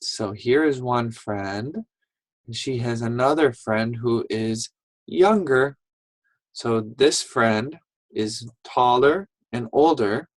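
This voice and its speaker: Very slow, husky-voiced woman teacher. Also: rumbling low, no room sound, rough recording. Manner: animated, gasping praise, slow and deliberate. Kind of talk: reading lesson for young children.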